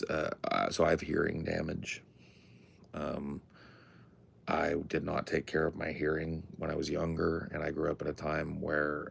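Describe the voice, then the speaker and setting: A man's voice: a bass voice, gravelly, a little hiss or hum. A man co-hosting a podcast in casual, profane, rambling chat, talking from his home in the woods at night. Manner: laid-back, profane, rambling. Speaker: podcast co-host.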